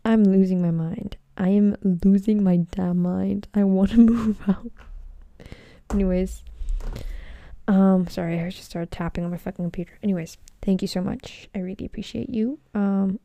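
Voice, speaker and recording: A young woman hosts a casual podcast from her room and rambles in a frazzled way, swearing freely and trailing off into murmurs. Her voice is dark and mellow, with some vocal fry, recorded close and dry. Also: mid-range voice, fairly even intonation, moderate pace, dry recording. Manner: rambling, frazzled, swears a lot, drifts into whispers. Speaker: podcast host. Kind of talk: casual solo podcast chat.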